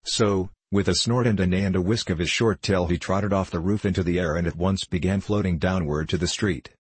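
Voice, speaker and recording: A man reading a children's storybook aloud in a steady, even voice. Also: low-pitched, a little fast, breathy edge, no room sound. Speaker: audiobook narrator. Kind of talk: storybook narration.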